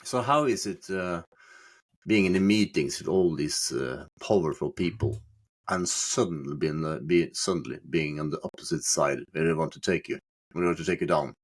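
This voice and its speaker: A male podcast host asking a guest a long question, pausing on "uh" between phrases. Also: rumbling low, husky. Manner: halting questions full of uh fillers. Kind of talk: interview question.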